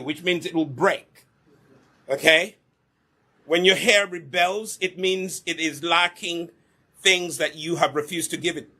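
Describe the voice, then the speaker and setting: Middle-aged man, bright tense voice, fairly high, hair care demo with a preachy, checking-in delivery. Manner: preachy, repeats questions like "Okay?" and "Do you understand me?". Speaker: hair care business co-owner demonstrating products.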